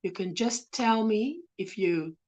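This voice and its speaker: A soft-spoken woman with a South African accent, hosting a casual crochet livestream, greeting viewers affectionately and reading their comments. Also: mid-range voice, lively intonation, slow pace, highs cut off. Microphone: phone.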